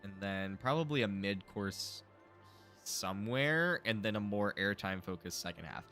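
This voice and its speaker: A man's voice: lowish voice, lively intonation, moderate pace, pushed and bright, faint music behind. A young man streaming a building game, casually thinking aloud and mumbling to himself as he works. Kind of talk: casual live gameplay commentary.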